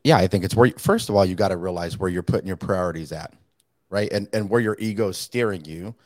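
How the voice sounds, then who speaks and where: Calm low-voiced male guest. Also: fast, no room sound, studio quality. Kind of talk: casual talk show chat.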